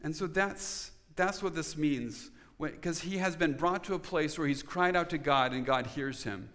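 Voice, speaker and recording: A man's voice: a little high, moderate pace, fairly bright tone, in a large hall. A man preaching a sermon in an earnest, conversational way, now and then putting questions to his congregation. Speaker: pastor.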